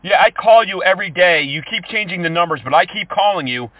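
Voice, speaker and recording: A man taunting scammers over the phone, swinging between sugary fake politeness and loud insults. His voice sits slightly high for a man. It is recorded dry and sounds thin and phone-like. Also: lively intonation, fast, no echo. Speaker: scam-baiting prank caller. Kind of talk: prank phone calls. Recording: tinny phone-call audio.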